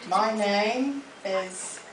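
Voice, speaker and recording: A woman, giving a lively, humorous motivational talk to a live audience in a library. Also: medium pitch, extremely slow. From New Zealand. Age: 40s. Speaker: motivational speaker. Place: public library hall. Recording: echoey room, distant mic, noisy.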